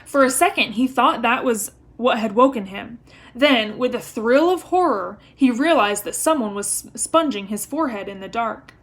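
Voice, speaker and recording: A woman reading a novel aloud with expressive storytelling. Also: fairly high pitch, moderate pace. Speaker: reader.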